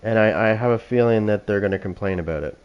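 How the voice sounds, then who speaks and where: A man's voice: on the low side, fast talker, clear, resonant tone, muffled recording. A man streaming a game live, commentating with brash, foul-mouthed trash talk. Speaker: streamer playing a killer.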